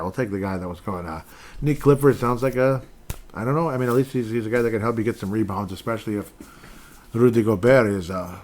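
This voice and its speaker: A man's voice: fairly low pitch, fast, darkish tone. A man hosting a casual solo sports podcast, rambling with frequent laughs and bursts of mock outrage. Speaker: podcast host.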